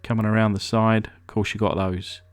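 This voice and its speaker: A man's voice: fairly low pitch, level tone, moderate pace, smooth, faint music behind. A man from England hosting a casual hobby vlog, chatty and rambling, with lots of ums and uhs. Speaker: diecast restoration channel host.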